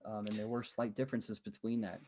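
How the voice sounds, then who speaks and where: A man from Pennsylvania, a guest on a casual podcast, telling stories about his work in an animated way. He laughs often and fills his pauses with "um.". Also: on the low side, a little hiss or hum. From Pennsylvania, USA. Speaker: podcast guest, living-history interpreter. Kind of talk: casual storytelling in an interview.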